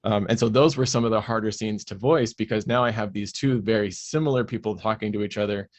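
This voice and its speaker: An audiobook narrator, male, is a guest in a laid-back interview, talking at length about his craft with fillers and false starts. His voice sits low and he speaks quickly.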